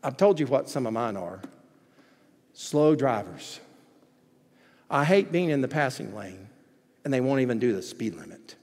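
A man preaching a sermon as pastor in a church, swinging between hushed, gentle passages and loud, excited ones. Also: mid-range voice, unhurried, long pauses. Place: church sanctuary. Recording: echoey hall reverb.

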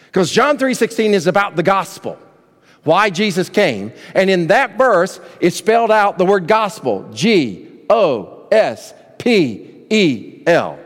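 High-voiced pastor preaching in a hall. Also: male voice. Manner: animated preaching, leads the congregation in reading. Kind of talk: sermon. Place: church sanctuary. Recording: long reverb of a church hall.

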